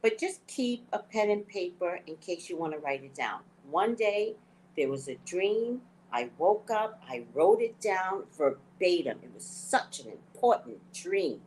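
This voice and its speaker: A woman hosting a spiritual talk show, telling stories in a casual, animated way, often laughing and acting out her own thoughts. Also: on the low side, a little slow, a little hiss or hum, rough recording. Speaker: psychic reader and show host.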